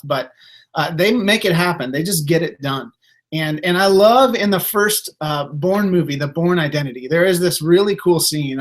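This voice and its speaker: Male pastor, slightly high voice, casual chatty sermon full of fillers. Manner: conversational, many fillers and restarts.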